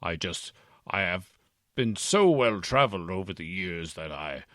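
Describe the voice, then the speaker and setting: A man's voice: low-pitched, lively intonation, a little slow, fairly bright tone, dry recording, studio quality. A man voicing a bumbling, self-important old Santa Claus whose accent keeps shifting between Midlands and posh English, rambling and evasive. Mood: pompous rambling. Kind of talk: comedy podcast sketch.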